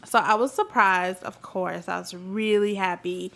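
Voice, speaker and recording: A woman's voice: medium pitch, steady tone, a little slow, gravelly, a bit bright. A woman in her thirties co-hosting a podcast with her husband, playful and giggly, rambling a little as she talks. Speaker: podcast co-host. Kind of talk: casual couple chat.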